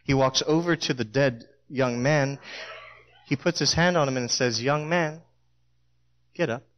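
A middle-aged man preaching a sermon in a church, telling stories with lively acted-out quotes. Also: medium pitch, moderate pace. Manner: storytelling, animated, acts out voices in quotes.

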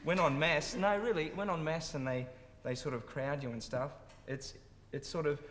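A man's voice: on the high side, steady tone, normal speed, fairly bright tone. Guy, actor, joking, playful, reverb, noisy studio. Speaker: actor, TV guest. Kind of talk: TV interview.

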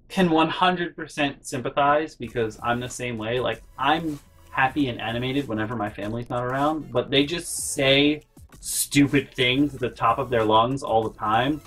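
Sarcastic man telling a family story. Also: mid-range voice. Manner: animated, sarcastic storytelling with acted quotes. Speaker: vlog host. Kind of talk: comedic storytime monologue. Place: his bedroom.

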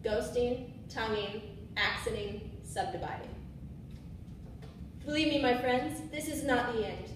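A woman demonstrates swing phrasing for musicians, relaxed and self-correcting, singing syllables to illustrate. Her voice is a little high and a little slow, with long pauses, and music plays underneath. The setting is an echoey room with a board, the mic placed far away.

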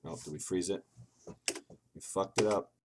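Heavy background noise surrounds a gaming video host with a deep voice speaking at normal speed. He reads an old computer game's text aloud, breaking in with sarcastic, swearing comments and laughing at it.

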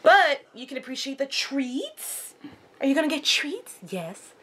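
A woman vlogging a casual unboxing at home, chatty and excitable, cooing at her dogs. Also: sits high, unhurried.

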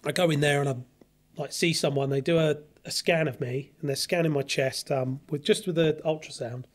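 Husky man telling anecdotes. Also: a little high, fairly even intonation, brisk. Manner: rambling anecdote, acts out others' lines. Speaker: podcast guest. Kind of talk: casual storytelling chat.

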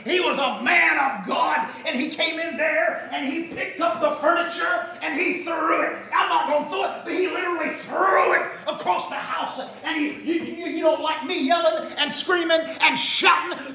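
A fiery male evangelist preaches with a very high, bright voice that cuts through. He swings between loud shouting and hushed asides, and the sound rings in an echoey room. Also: normal speed, gravelly, few pauses. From United States. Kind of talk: sermon.

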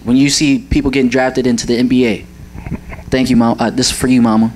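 A man's voice: medium pitch, little pitch movement, quick pace, darkish tone, slight background noise, rough recording. A young man giving an earnest church testimony about his mother, often searching for words and laughing as he talks. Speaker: church member sharing a testimony. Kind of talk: heartfelt personal testimony.

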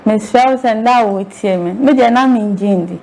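A woman's voice: mid-range voice, normal speed, dark tone, rough recording. A woman being interviewed, giving an earnest, pleading personal testimony.

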